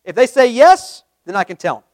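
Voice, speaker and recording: A man giving a live sales training talk to a group, energetic, quizzing the room with questions and acting out sample calls. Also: very high voice, fairly quick, no echo. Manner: acts out sample phone calls.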